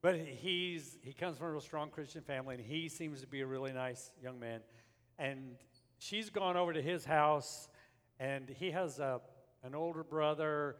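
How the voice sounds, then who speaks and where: An older man preaching a sermon, telling a family story and then building up to forceful preaching. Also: medium pitch, big-room sound. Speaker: pastor.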